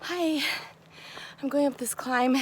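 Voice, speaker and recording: A woman's voice: high voice, slow pace, a little hiss or hum. A woman vlogging casually outdoors while hiking a long trail, talking with lots of fillers and a little out of breath. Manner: chatty, filler-heavy, laughs often. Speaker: thru-hiker vlogger. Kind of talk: casual vlog chat.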